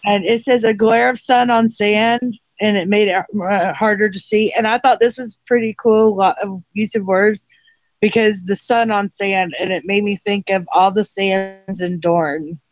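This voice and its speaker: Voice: medium pitch, fairly even intonation, moderate pace, no room sound, poor audio. A book club member summarizing a chapter in a rambling, casual way with many fillers. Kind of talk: casual group chat over video call.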